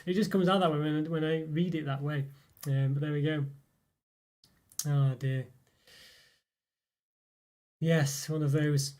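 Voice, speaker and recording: A man in a relaxed live stream, talking casually to his viewers. His voice sits a bit high for a man, and he rambles with plenty of ums and little laughs as he goes. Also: a little slow, pauses often. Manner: rambling, chatty, many fillers and laughs. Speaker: live stream host reviewing chocolate. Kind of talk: casual live chat reading viewer comments.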